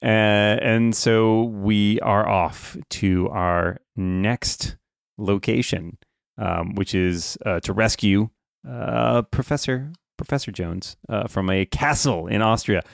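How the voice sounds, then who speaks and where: Man, low and gravelly, loose chatty podcast host recapping a film. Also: slow pace, no room sound, clean studio sound. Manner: rambling, full of fillers and laughs. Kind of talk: casual movie discussion.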